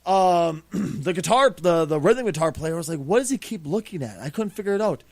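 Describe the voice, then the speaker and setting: A middle-aged man tells a story on a podcast, loose and full of swearing. His voice sits high for a man and swings widely as he acts out quotes. The sound is dry and close. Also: normal speed, dry recording. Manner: profane, animated, acts out quotes. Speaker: podcast host. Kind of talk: casual storytelling.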